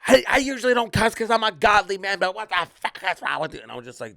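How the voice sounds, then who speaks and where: A young adult man, a comedian hosting his podcast, telling a story in an animated, swearing style and acting out the voices. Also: sits high, quick pace, creaky, hardly any pauses, no echo.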